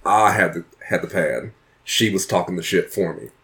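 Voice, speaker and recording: Man, low voice, casual podcast chat, blunt, profane, emphatic. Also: normal speed, pushed and bright. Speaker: podcast co-host.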